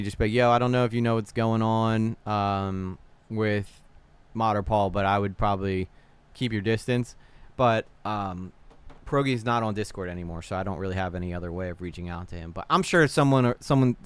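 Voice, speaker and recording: A man's voice: mid-range voice, smooth, dry recording. A man streaming a casual reaction video, talking bluntly to his chat and swearing often.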